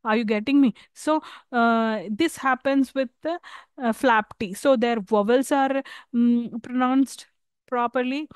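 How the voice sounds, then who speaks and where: A woman's voice: fairly high pitch, unhurried, smooth, no room sound. A woman with an Indian English accent giving a live university lecture, hesitant with many fillers and restarts, checking in with her listeners.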